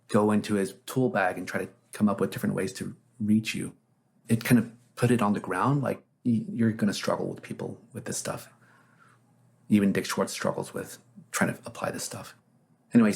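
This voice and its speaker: A man's voice: on the low side, vocal fry, slightly rough. A man, a therapist, telling anecdotes as an interview guest in a casual, reflective way with frequent fillers.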